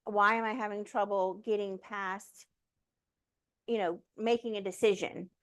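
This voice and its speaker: A woman with a medium-pitched voice, speaking at a measured pace, appears as a guest sharing a personal story. She's chatty and animated, uses many fillers, and acts out her inner dialogue, including her talks with the universe.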